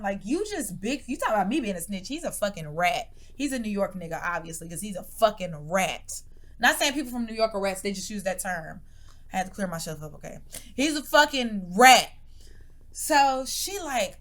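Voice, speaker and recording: A woman's voice: medium pitch, a little fast. A woman co-hosting a podcast, telling a story in casual, profane chat and acting out the people's voices. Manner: animated, profane, acts out voices in her stories; laughs hard, drops to whispers. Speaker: podcast co-host.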